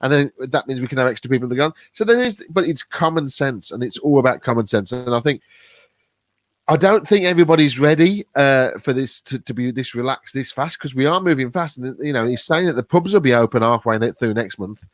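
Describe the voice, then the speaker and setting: Chatty bloke on a video call, dry sound, stumbles and restarts a lot, bouncy voice. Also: male voice, mid-range voice, lively intonation, a little fast, no room sound. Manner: chatty, stumbling, lots of fillers and laughs. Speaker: host of a business chat show. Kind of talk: casual panel discussion.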